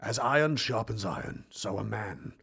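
A man's voice: on the low side, big pitch swings, moderate pace, creaky, a bit bright, slightly rough, voice pushed down, full character voice. A man putting on a refined English villain. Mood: menacing. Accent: put-on refined English.

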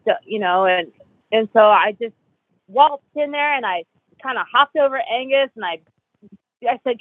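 A guest guitarist telling a story with laughs and self-deprecating asides in a casual interview. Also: male voice, very high voice, moderate pace, breathy edge, dry recording. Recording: tinny phone-line audio, dry.

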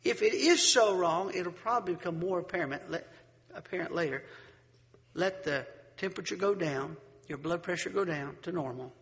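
A preacher giving a sermon, folksy and animated, telling a story and acting out the people in it. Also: male voice, high-pitched, moderate pace, long reverb tail. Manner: folksy, animated storyteller who acts out voices.

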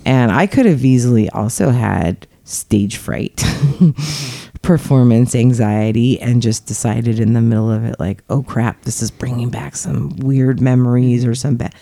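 A woman's voice: extremely low pitch, unhurried, creaky, warm tone, no room sound. A woman talking frankly in a casual podcast chat, chatty and laughing often.

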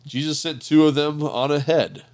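A man reading a Bible passage aloud in a measured, earnest narrating voice. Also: fairly high pitch, fairly even intonation, a little mellow. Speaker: scripture reader. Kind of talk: scripture reading.

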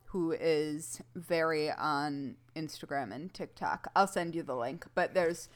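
Low-voiced woman, rambling casual chat. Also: measured pace. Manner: rambling, hesitant, many ums and restarts. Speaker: podcast co-host.

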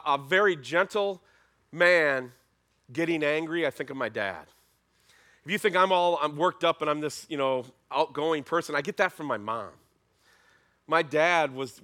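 Animated middle-aged male preacher, bright voice. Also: a little high. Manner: animated, emphatic, conversational preaching with sudden loud bursts. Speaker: pastor. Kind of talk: sermon.

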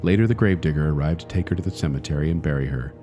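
A man reads a spooky children's tale aloud in a deep, mellow voice. He takes it slowly and deliberately, building suspense line by line, like a host reading to his co-hosts. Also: lo-fi sound, soft background music. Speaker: podcast host. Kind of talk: dramatic storybook reading.

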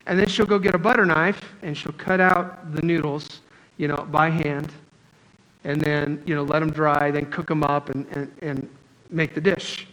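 A man's voice: on the high side, steady tone, moderate pace, a bit bright, rough recording. A man preaching a sermon as pastor, talking in a conversational, joking storytelling way. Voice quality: wears glasses, astigmatism.

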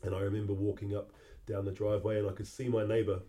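A middle-aged man, hosting a podcast and telling a personal memory in a halting, reflective way that often repeats words. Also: on the low side, little pitch movement, dark tone. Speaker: podcast host.

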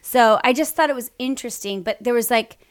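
Telling an emotional story from her own life on a podcast she co-hosts, this middle-aged woman keeps starting over in a casual conversation. She talks a little fast in a fairly high voice.

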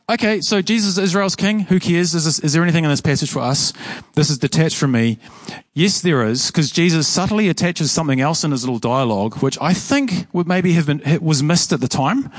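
A man delivers a sermon in a loose, conversational way, circling back and repeating key phrases for emphasis. His voice sits a little higher than most men's. It is recorded close and dry, with little room sound. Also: no echo. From New Zealand. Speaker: pastor. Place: church.

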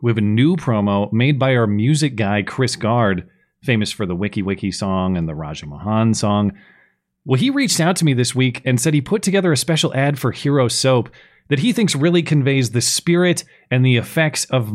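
A man's voice: medium pitch, sing-song, normal speed. A man hosting a podcast, reading a sponsor spot in a chatty, self-deprecating way. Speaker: podcast host. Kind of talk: casual podcast talk with ad read.

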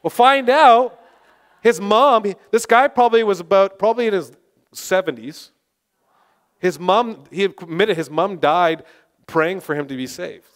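A man preaching and telling testimony stories with passionate, excitable energy, now and then bursting into shouts. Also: high-pitched, measured pace. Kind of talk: sermon testimony storytelling.

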